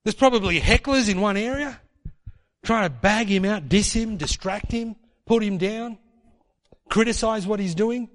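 A man preaching with a high voice that carries through a hall with a long reverb. He is animated and playful, slipping into mock voices when he quotes people. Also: measured pace. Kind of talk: sermon.

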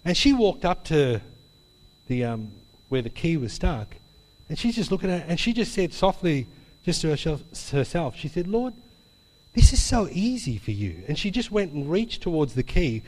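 A man's voice: on the high side, big pitch swings, moderate pace, darkish tone. Man preaching in a reverberant hall. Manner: chatty storytelling with tag questions. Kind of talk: sermon with a personal story.

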